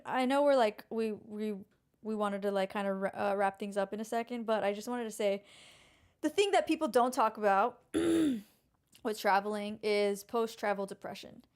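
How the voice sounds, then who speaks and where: A young woman co-hosting a podcast in a casual, animated chat, full of filler words. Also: a little high, smooth. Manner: animated, chatty, heavy use of filler "like". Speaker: podcast co-host.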